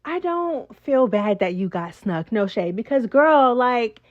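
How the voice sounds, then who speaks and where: Woman, high-pitched, sassy gossip recap host, casual chat, slightly dull recording. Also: sing-song, measured pace. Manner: chatty, sassy, says "child" and "girl" a lot.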